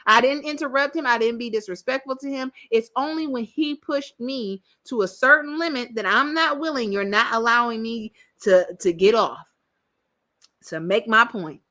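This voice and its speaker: Reacting to a panel clip, this commentary host talks at a moderate pace in a sharp, high-leaning voice. She's blunt and direct, and she swears a lot.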